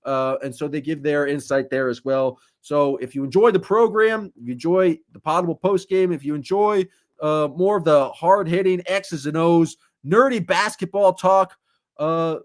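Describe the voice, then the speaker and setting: Speaking at normal speed, a lively podcast co-host rants comically in easy chat, full of animation. For a man his voice runs a little high, and it stays energetic from joke to joke.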